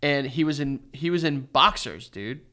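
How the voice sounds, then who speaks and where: A male podcast co-host in casual chat. His pitch swings widely as he tells stories, loud and animated, peppered with swearing. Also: moderate pace.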